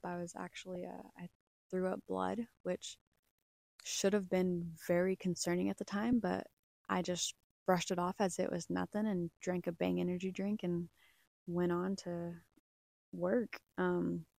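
Young woman, podcast testimony, gravelly fry, dry close sound. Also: lowish voice, a little mellow, dry recording. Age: young adult. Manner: earnest, storytelling with many ums and uhs. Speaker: podcast host. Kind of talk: personal faith testimony.

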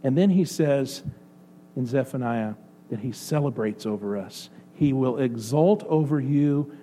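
A man's voice: medium pitch, measured pace. Man preaching a heartfelt sermon. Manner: swings from excited to soft and hushed. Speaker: pastor. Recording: faint mains hum. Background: faint electrical hum.

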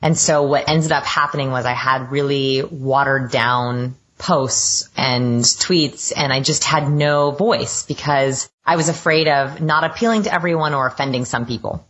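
A woman's voice: a bass voice, steady tone, a little slow, few pauses, fairly bright tone. A woman guest on a podcast interview, explaining research with eager enthusiasm. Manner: enthusiastic, self-described science geek. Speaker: guest expert.

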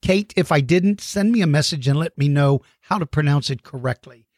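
A middle-aged man chatting warmly to young viewers about their drawings, enthusiastic with playful mock-outraged outbursts. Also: a little high, a little fast, dry recording, clean studio sound. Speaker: kids' dinosaur channel host. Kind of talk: casual chat to young viewers.

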